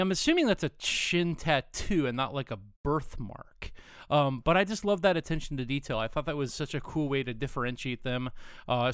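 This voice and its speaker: A man's voice: mid-range voice, smooth, no room sound, clean studio sound. A man co-hosting a casual chat, talking enthusiastically with lots of fillers. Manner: enthusiastic, rambling with many fillers. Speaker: podcast co-host.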